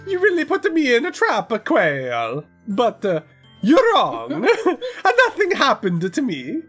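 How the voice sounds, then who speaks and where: A high, wobbly teenage schoolgirl who masks her sorrow behind cheer, as a woman reads her out. She talks slowly with swooping pitch, teary and half-laughing, over faint game music. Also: lively intonation. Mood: teasing. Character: cheerful teenage schoolgirl hiding deep sadness.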